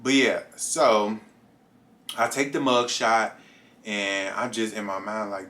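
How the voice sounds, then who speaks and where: A young man vlogging a casual storytime, animated and acting out his own reactions as he goes. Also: on the low side, slow pace.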